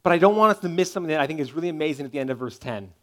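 Conversational preacher, man, fairly high voice. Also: animated, very fast. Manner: conversational preaching, emphatic, checks in with "right?". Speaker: pastor. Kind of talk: sermon.

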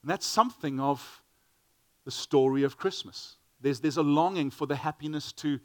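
A man's voice: a little high, moderate pace, darkish tone, dry recording. A middle-aged man preaching a sermon, earnest, often repeating words as he starts a phrase.

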